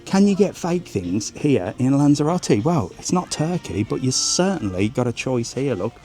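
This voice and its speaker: A man's voice: mid-range voice, sing-song, moderate pace, warm tone, faint music behind. A blunt, sweary man, chatting casually as he walks a seaside street for his travel vlog, filmed on a handheld phone. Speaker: travel vlogger. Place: outdoors on a windy seaside street.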